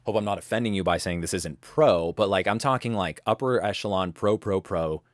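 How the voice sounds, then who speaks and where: A man's voice: low voice, brisk, no echo. A man coaching voice actors in a live webinar from his home studio, talking casually and rambling, often restarting his sentences. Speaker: voice-over coach.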